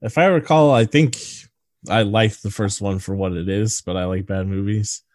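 A man's voice: on the low side, normal speed, darkish tone, no room sound. Jokey podcast guy riffing on a movie, swears a lot, laughs at his own bits, dead dry mic. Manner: crude, jokey, laughs often. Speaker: podcast co-host. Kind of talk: casual movie chat.

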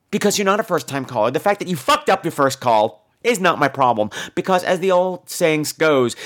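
A male podcast host with a campy, theatrical delivery and a very lively, swooping pitch. He answers listener voicemails with playful sass and mock outrage, dropping cheerful swear words.

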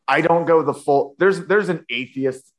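A man's voice: a little high, a little slow. A man hosting a podcast, chatting casually about a book with a guest in a rambling, jokey way. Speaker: podcast host. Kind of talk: casual book-club chat.

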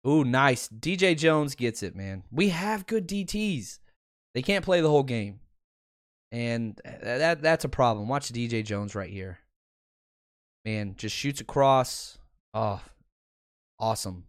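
A man hosting a podcast, talking excitedly through game film and addressing his viewers. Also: medium pitch, takes it slowly, pauses often, no echo, clean studio sound. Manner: excitable, swears, talks to viewers. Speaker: podcast host. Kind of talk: film breakdown commentary.

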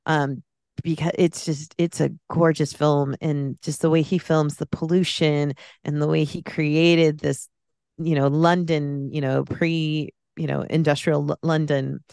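Heartfelt rambling woman with a gravelly edge. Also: sits low, level tone, unhurried, a little mellow, no echo, clean studio sound. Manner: rambling, heartfelt, many restarts. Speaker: podcast guest. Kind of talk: casual film discussion.

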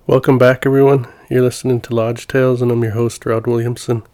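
A man's voice: mid-range voice, little pitch movement, a little fast, mellow, dry recording. A man hosting a podcast and introducing an episode in an earnest, casual way, often restarting his sentences. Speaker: podcast host.

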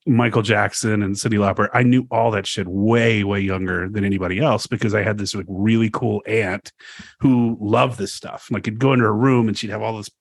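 A man's voice: fairly low pitch, brisk, breathy edge, no room sound, clean studio sound. Swearing, story-telling man in his forties. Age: 40s. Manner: animated storyteller, swears freely, acts out quotes. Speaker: podcast co-host. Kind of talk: casual chat.

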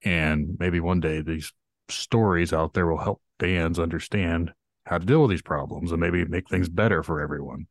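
A man's voice: low-pitched, moderate pace. A man co-hosting a podcast, talking in a casual, earnest, drawling way and ranting at times. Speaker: podcast co-host.

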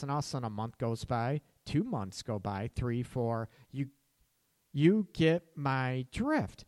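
Blunt man with a lively voice. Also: medium pitch, normal speed, no echo, studio quality. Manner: blunt and cursing, with sharp rising emphasis. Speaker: relationship counselor. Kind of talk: casual advice monologue.

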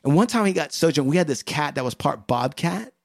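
Animated profane man telling a story. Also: fairly high pitch, fairly quick, vocal fry. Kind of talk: casual podcast chat, storytelling.

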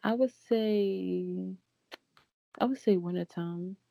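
A woman from Baltimore with a Baltimore accent, a podcast guest giving slow, easygoing answers. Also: mid-range voice, creaky, warm tone, dry recording, dull audio. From Baltimore, Maryland, United States. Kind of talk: casual chat.

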